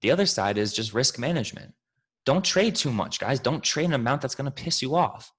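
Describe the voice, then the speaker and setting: In casual Q&A talk, a man with a mid-range, slightly bright and husky voice speaks fast with lively intonation. He answers questions as a trading mentor, pumped-up, profane and coach-like, calling his listeners family and team.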